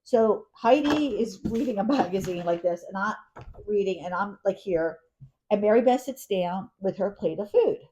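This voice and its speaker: A woman telling a story in casual chat, animated and acting out quotes with frequent laughter. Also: medium pitch, normal speed. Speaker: podcast co-host.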